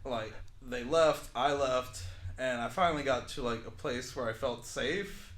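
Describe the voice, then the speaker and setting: A man's voice: medium pitch, unhurried, reverberant. A man who works as an English teacher, telling a story in a casual interview, saying "like" often. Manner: chatty, heavy use of "like", animated retelling.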